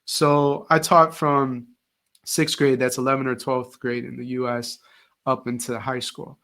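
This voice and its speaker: A man's voice: mid-range voice, unhurried. A middle-aged man, a former teacher, telling stories as an interview guest and acting out the voices he quotes. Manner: animated, acts out quoted voices. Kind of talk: casual interview storytelling.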